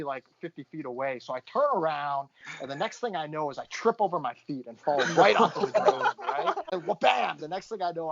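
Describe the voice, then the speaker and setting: A young adult man on a podcast, casually telling a rambling story and tagging his lines with "right?". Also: on the high side. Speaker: podcast co-host. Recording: dull lo-fi sound.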